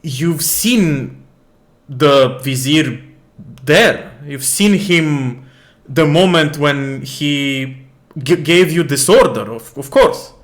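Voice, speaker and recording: A man's voice: on the high side, drawn-out words. Stammering man running a tabletop game. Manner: rambling, stammering, repeats words. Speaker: game master. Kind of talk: improvised tabletop narration.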